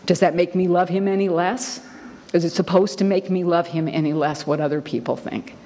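A woman's voice: on the low side, fairly even intonation, brisk, dark tone. A middle-aged woman telling her own story at a recovery meeting, candid and wry, with lots of fillers and emphatic repeats. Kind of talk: personal testimony talk. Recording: long hall reverb.

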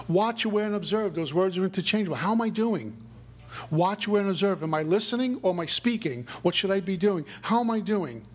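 Speaking at a recovery meeting, a middle-aged man with a high-sitting, breathy-edged voice shares his own story. His delivery is earnest and repetitive, with phrasing that circles back like a mantra.

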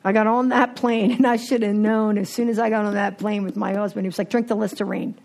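A woman's voice: medium pitch, fast. A woman telling her recovery story candidly, acting out what people said. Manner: candid, animated storytelling with acted-out quotes. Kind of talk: recovery meeting talk.

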